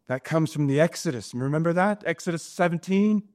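A man preaching a sermon, slow and emphatic, often asking his listeners rhetorical questions. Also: a little high, lively intonation, a little mellow, dry recording, clean studio sound. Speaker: pastor.

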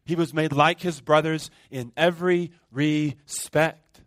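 A man preaching a sermon as pastor, deliberate and emphatic, with long pauses between phrases. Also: on the high side, steady tone, no echo, clean studio sound. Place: church.

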